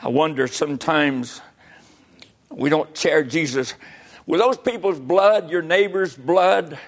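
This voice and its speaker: Older preacher, high voice. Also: male voice, takes it slowly. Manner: folksy storytelling, bursts into loud exclamations. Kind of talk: sermon.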